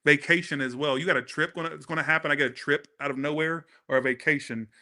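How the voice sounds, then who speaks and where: A man's voice: fairly high pitch, fairly even intonation, fast, pushed and bright. A man doing a casual, chatty live-stream tarot reading, thanking viewers and swearing freely. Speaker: tarot reader.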